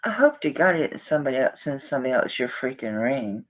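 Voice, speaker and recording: A woman's voice: rumbling low, very animated, fast talker. A woman selling jewelry on a live stream, chatting to viewers in a flustered, rambling way while she searches through orders.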